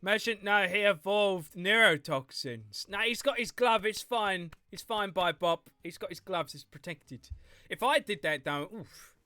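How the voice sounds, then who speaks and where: A man's voice: high-pitched, expressive, measured pace, sharp tone, no room sound. A man chatting playfully with his viewers while he livestreams a game, teasing and laughing often. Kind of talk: casual gaming stream chat.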